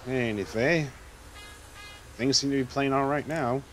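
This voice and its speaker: A man's voice: mid-range voice, unhurried, fairly bright tone, slight background noise. A man co-hosting a casual let's play stream, teasing his partner and laughing easily. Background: game music.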